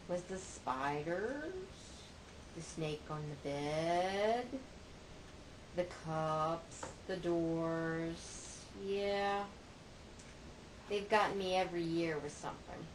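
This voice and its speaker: A middle-aged mother tells family anecdotes in a playful, self-mocking way, taking her time over each phrase. Her voice sits a little low. A steady noise runs under the amateur recording. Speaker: mother telling family stories. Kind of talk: casual storytelling monologue.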